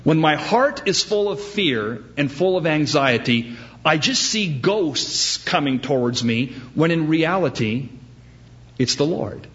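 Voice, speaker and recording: A man preaching a sermon as pastor, animated and acting out the voices he quotes. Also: a little high, takes it slowly, dull audio.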